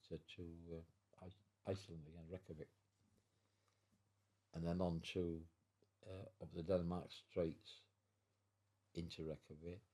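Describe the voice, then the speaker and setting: A man in his nineties, a veteran, gives a rambling account of his life in an at-home interview, repeating, restarting, and chuckling throughout. His voice sits low and dark, with a breathy edge.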